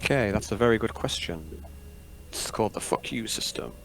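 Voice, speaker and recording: A man's voice: lowish voice, animated, normal speed, creaky, a little hiss or hum. Rambling man running a tabletop game. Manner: rambling, self-deprecating, scattered. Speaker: game master.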